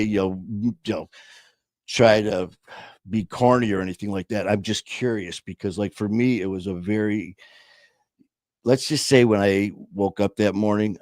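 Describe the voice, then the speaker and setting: A man hosting his own show, telling a personal story in a slow, reflective way with many pauses and fillers. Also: sits low, darkish tone, no echo, studio quality.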